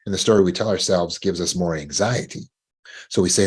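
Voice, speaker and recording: Deep, husky and a little quick, this man's voice belongs to a trauma recovery coach teaching about panic. He voices anxious inner thoughts in a rising pitch and restarts by repeating words.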